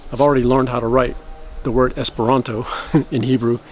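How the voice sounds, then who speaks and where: A man's voice: mid-range voice, flat delivery, a little hiss or hum. A man chatting casually to camera about learning a language, explaining at length and correcting himself as he goes. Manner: rambling, self-correcting explanations; slow careful practice of phrases.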